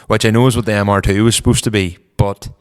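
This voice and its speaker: A young Northern Irish man co-hosts a casual car podcast, rambling in a relaxed way and letting his words trail off softly while he feels cold. His voice is fairly low, fast, and smooth, and the recording has a long reverb.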